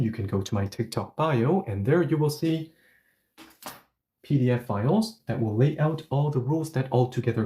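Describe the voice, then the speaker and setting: A man teaches a live language lesson, walking through grammar rules step by step. His voice is mellow and warm at a middle pitch. He stops now and then to correct himself and apologize before carrying on. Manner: explains step by step, often apologizes and self-corrects.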